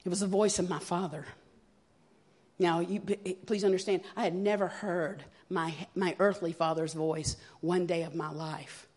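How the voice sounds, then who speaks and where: A woman, sharing her personal testimony as a guest speaker in an earnest, expressive storytelling manner. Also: on the low side, moderate pace, husky. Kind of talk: testimony sermon.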